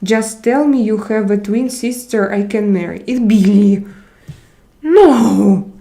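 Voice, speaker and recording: Woman streamer, slow unhurried talk, hesitant, chatting with viewers. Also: mid-range voice, creaky, warm tone. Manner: hesitant, searching for words with many pauses. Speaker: livestream host. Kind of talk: casual livestream chat, reading comments aloud.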